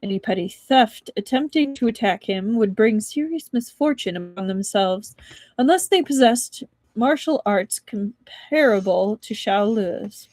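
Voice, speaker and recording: A woman's voice: mid-range voice, animated, a little slow, a little mellow, dry recording. A young woman reading a novel aloud on a live stream, breaking off for chatty asides to her viewers. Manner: chatty asides between narration.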